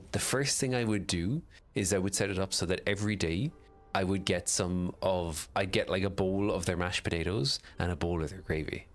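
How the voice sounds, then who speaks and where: An excitable man chatting casually and swearing while live-streaming a game, reacting loudly and answering chat. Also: fairly low pitch. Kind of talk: casual live gameplay commentary.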